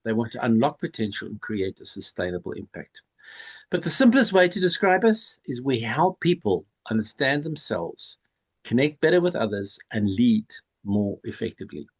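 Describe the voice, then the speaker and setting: Leadership coach, man, husky voice, measured pitch-style delivery. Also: big pitch swings. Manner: measured, rhetorical pauses. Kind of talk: pitch presentation.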